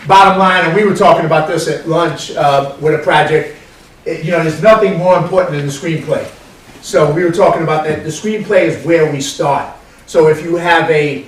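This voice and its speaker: A middle-aged man with a New York Bronx accent, leading a film producers' workshop in a rambling, folksy way with many fillers and restarts. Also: fairly high pitch. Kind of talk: informal workshop talk. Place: large room with a live audience. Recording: echoey room, mic from far off.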